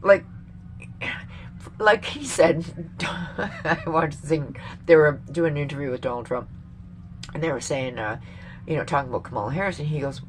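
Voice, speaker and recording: A woman with a low voice rambles through a casual rant for her vlog, swearing freely and breaking into laughter. There is a faint hiss of noise behind her. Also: animated, normal speed, long pauses. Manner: rambling, profane, laughs often. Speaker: vlogger. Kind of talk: casual opinion rant to camera.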